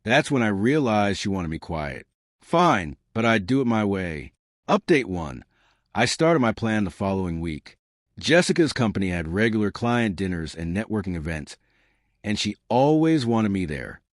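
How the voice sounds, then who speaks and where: A man narrating his own story in a wry, deadpan way. His voice sits a little low yet moves lively up and down. The recording is dry and close. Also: normal speed, no room sound. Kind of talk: scripted first-person story narration.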